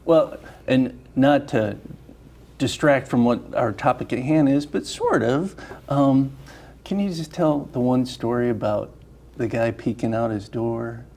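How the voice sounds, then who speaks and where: A man's voice: mid-range voice, a little slow, darkish tone. A man hosting an interview in a community TV studio, prompting his guest in a friendly way to tell a favorite story. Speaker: interview host. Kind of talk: conversational interview.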